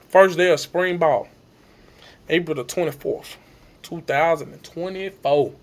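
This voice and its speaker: A young man telling an emotional personal story to his viewers, acting out the shouts and the voices of coaches along the way. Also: on the high side, unhurried. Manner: animated, acts out shouts and coaches' lines.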